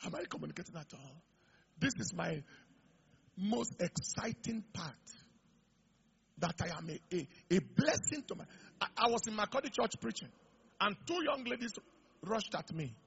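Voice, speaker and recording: A middle-aged man preaching a sermon, building up to shouted declarations. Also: sits high, animated, normal speed, creaky, long pauses, slightly rough, lo-fi sound. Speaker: pastor.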